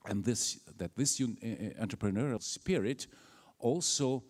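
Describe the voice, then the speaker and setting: An older man with an Austrian German accent delivers a formal welcome speech as a university rector. His voice is mid-range and a little mellow, and he moves at a moderate pace but hesitates constantly, filling gaps with fillers and restarting his sentences.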